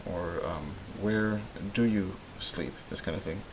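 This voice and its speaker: A man teaching a recorded Spanish grammar lesson, explaining in a relaxed way with lots of ums and uhs. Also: low-pitched, measured pace. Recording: faint hiss.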